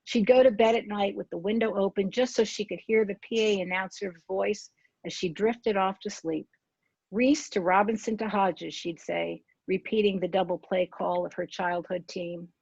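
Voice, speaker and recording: A woman in her sixties reads from her own memoir at a calm, even pace and stops to fix the odd misread word. The sound is dry and close, with a slightly dull, lo-fi tone. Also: mid-range voice, creaky, breathy edge, no echo. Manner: measured, unhurried reading with small self-corrections. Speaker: author.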